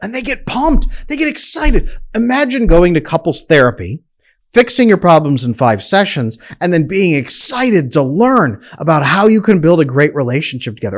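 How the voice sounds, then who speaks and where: Emphatic man coaching his audience. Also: fairly high pitch. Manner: emphatic, direct, persuasive. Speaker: relationship coach. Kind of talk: direct-to-camera monologue.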